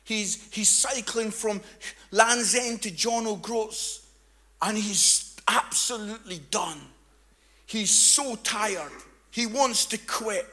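A man's voice: high-pitched, pushed and bright, pitched above the performer's own voice, full character voice. A man voicing a frantic older father who begs strangers for help, raised and urgent.

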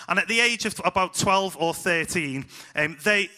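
A man preaching to a church congregation with a very bright, ringing tone, his voice sitting a little high for a man. He talks in a lively, chatty way, quizzing the children and teasing them. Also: normal speed. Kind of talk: informal sermon to a church congregation.

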